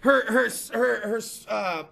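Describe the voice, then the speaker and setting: A male podcast host telling a rambling, profane story in a loud casual chat, repeating phrases and breaking into shouts. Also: extremely high pitch, takes it slowly, vocal fry.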